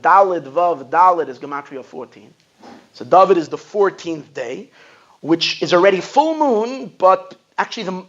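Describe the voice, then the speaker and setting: Animated rabbi giving a Torah talk. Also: male voice, on the high side. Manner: animated, emphatic, swings from loud to hushed. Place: school hall. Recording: dull lo-fi sound.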